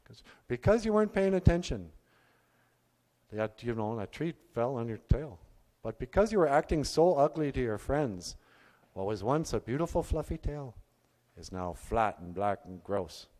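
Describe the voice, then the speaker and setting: A man's voice: mid-range voice, sing-song, normal speed, darkish tone, in a large hall, lightly acted. A man voicing the Great Spirit, a stern but kind guiding presence who lectures, recorded on a stage. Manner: stern, instructive.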